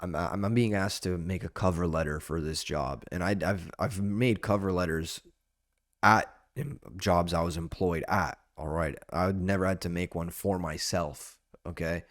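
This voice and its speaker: A man's voice: low voice, normal speed, no room sound, clean studio sound. A young adult man hosting a solo podcast, rambling casually and swearing, saying "dude" constantly. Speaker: podcast host. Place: indoor podcast setup under lights.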